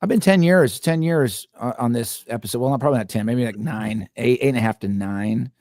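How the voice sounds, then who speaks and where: A man's voice: mid-range voice, a little fast, a little mellow, no room sound, clean studio sound. Mock-offended male guest joking around. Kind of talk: casual chat.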